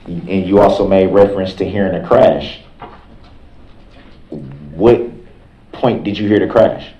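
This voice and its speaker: A man questioning a witness in a courtroom, with halting, repetitive phrasing and frequent restarts. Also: sits low, dark tone. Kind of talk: courtroom cross-examination. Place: large courtroom. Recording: echoey courtroom, dull lo-fi sound.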